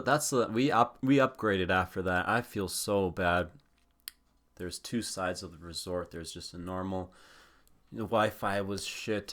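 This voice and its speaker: A man's voice: sits low, fairly bright tone. A young man hosting a podcast, telling a rambling, profane story in a casual chat style. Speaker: podcast host.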